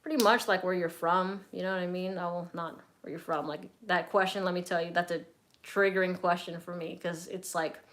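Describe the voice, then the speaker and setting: A woman's voice: on the low side, steady tone, fairly quick, a bit bright. Young woman, Southern Californian, casual, blunt, chatty, swears, reads out comments. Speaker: fragrance reviewer and streamer. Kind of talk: casual live-stream Q&A.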